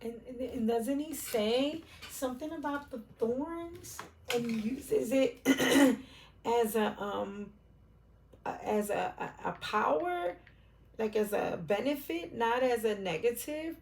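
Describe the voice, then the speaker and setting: A middle-aged woman reading tarot to camera, rambling and searching for words with many fillers, casual cussing and soft, emotional drops. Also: on the high side, takes it slowly, creaky, slight background noise. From Puerto Rican, raised in Brooklyn and Philadelphia. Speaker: tarot reader.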